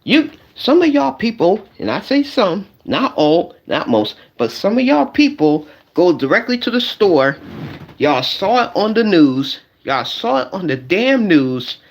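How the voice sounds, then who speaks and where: A man's voice: sits high, unhurried, dull audio. A man streaming live, ranting in a comedic way to his chat, repeating his points and calling out his audience directly. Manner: animated, repetitive, addresses the audience directly.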